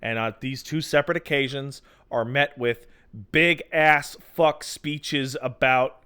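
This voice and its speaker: A man's voice: medium pitch, unhurried, smooth. A young man co-hosting a casual gaming podcast, telling stories with mock-exasperated asides and plenty of swearing. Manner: animated storyteller, acts out mock-exasperated quotes, swears freely. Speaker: podcast co-host. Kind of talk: casual podcast chat about video games.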